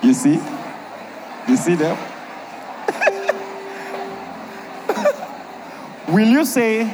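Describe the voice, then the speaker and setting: A man's voice: sits high, wildly swooping pitch, drawn-out words, in a large hall, very noisy. A man preaching a humorous sermon on marriage, jokey and emphatic, laughing often at his own lines.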